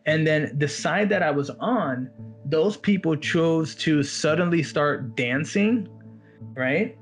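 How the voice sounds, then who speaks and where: A man working as a walk-around magician, telling a story in an animated, casual chat. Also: fairly high pitch, takes it slowly, soft background music. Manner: animated, quotes others in his story.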